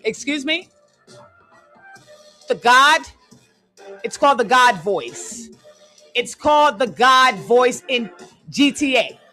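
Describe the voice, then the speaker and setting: A livestream host ranting into a phone, talking slowly and drawing out key phrases. The voice is bright and swoops widely in pitch, and it swings from loud to hushed. Faint music plays behind. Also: animated. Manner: emphatic, repeats "excuse me" and "hold on" often. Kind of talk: conspiracy rant on a live stream.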